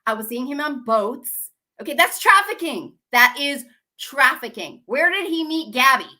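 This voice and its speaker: A woman's voice: high voice, animated, a little slow, pushed and bright. A young adult woman talking to her viewers in an agitated, repetitive rant full of swearing and rhetorical questions. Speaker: channel host. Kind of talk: emotional monologue to camera.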